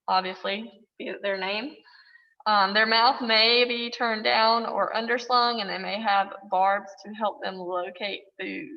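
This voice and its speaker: Gravelly-voiced woman teaching a class. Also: on the high side, long reverb tail, dull audio. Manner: explanatory, with occasional fillers. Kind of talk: classroom lecture.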